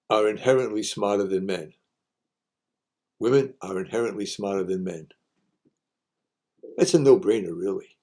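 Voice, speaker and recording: A man's voice: on the low side, mellow. A man hosting a folksy monologue of homespun advice, repeating each saying for emphasis. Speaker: host sharing sayings.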